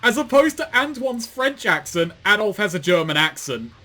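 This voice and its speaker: Sardonic higher-voiced man mocking a wiki. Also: very animated, moderate pace, bright, forceful tone, faint music behind. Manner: sardonic, swears and laughs often. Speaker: commentary co-host. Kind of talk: casual reading and mocking commentary.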